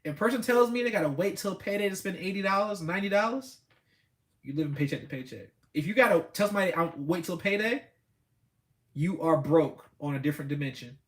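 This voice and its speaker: Blunt preachy man, high voice. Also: quick pace. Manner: blunt, preachy, repeats for emphasis. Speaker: host. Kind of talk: motivational talk to camera.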